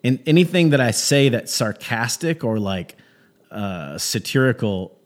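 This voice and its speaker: A man who does stand-up comedy, a guest in a casual conversation, telling stories in a lively way with many restarts and false starts. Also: mid-range voice, measured pace. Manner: animated storyteller, many restarts.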